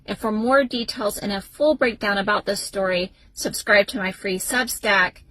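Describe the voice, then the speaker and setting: A woman reading a scripted news update in a deliberate, emphatic manner. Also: medium pitch, sharp tone, dry recording, poor audio.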